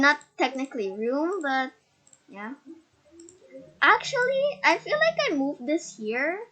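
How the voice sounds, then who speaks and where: Shy, stammering high female voice. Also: bright, forceful tone. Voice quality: muffled by a face mask. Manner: shy and nervous, stuttering with frequent restarts. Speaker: game house tour host. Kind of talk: casual screen-recorded game tour. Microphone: laptop.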